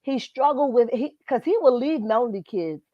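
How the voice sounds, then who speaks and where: A sassy woman hosts a live stream, talking gossip straight to her viewers. Her voice sits a little high, and the sound is dry and slightly dull, as if from a basic computer mic with no room around it. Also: expressive, moderate pace, no echo. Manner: sassy, emphatic, talks straight to viewers and chat. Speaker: live-stream host commenting on celebrity gossip. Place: at her workplace, indoors.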